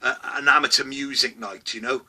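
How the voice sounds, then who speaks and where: A middle-aged man hosting a comedy vlog, ranting loudly, swearing a lot and tagging his lines with "okay?". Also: medium pitch, fairly even intonation, brisk. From Wales. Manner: loud, sweary, rambling, with constant "okay?" asides. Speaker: vlog host. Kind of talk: satirical comedy rant.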